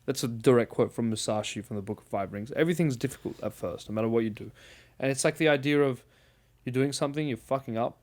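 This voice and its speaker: A man's voice: mid-range voice, fast, a little mellow. Man rambling casually on a podcast. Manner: rambling, swearing, laughs and acts out quotes. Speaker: podcast host.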